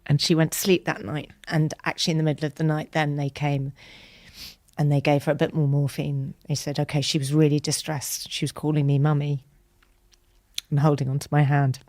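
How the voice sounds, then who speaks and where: A woman, a podcast guest telling an emotional personal story in an earnest, tender way that sometimes drops to a soft whisper. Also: low voice, level tone, normal speed, long pauses, no room sound.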